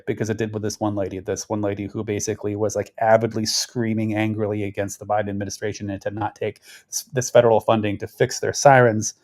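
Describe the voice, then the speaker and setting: A man's voice: on the low side, darkish tone. A man giving casual, rambling political commentary, restarting his sentences often. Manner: rambling, conversational, frequent restarts and fillers.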